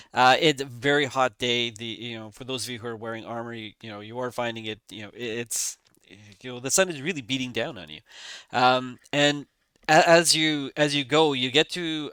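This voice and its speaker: A man's voice: mid-range voice, sharp tone, clear, resonant tone, no room sound. Rambling man narrating as dungeon master. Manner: rambling, hesitant narration full of fillers. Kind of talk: narrating a tabletop game. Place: online video call.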